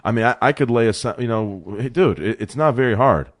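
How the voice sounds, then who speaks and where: Young man, animated sports co-host, excitable chatter, small studio. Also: medium pitch, brisk. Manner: animated, excitable, says bro a lot. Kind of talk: casual sports talk.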